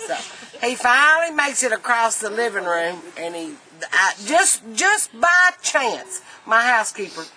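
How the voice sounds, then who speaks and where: A woman's voice: medium pitch, pushed and bright, rough recording. A middle-aged woman telling a family story casually, laughing often.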